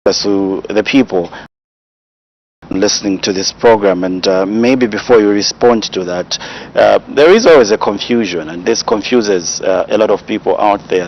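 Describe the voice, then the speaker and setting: A man, interviewing a guest on a broadcast and asking halting questions full of filler sounds. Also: on the low side. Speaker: radio or TV interviewer. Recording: dull broadcast audio with faint hiss.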